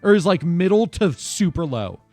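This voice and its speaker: A man's voice: high voice, normal speed, dry recording, soft background music. A man reading out a party game's text to friends on a stream, with playful asides. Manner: animated, reads game text aloud with playful asides. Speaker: game narrator reading choices to friends. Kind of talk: casual group game stream banter.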